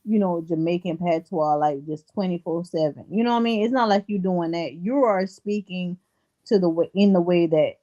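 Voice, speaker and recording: A woman's voice: on the low side, normal speed, warm tone, dull audio. A woman co-hosting a casual livestream chat, reassuring and hesitant, often restarting her sentences.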